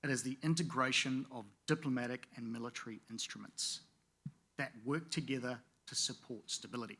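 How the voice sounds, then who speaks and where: A man in his forties from the Pacific Islands gives a formal panel speech with a bright, forceful voice. He is measured and fills his pauses with "uh". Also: mid-range voice, husky. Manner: measured, with frequent "uh" fillers. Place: conference venue.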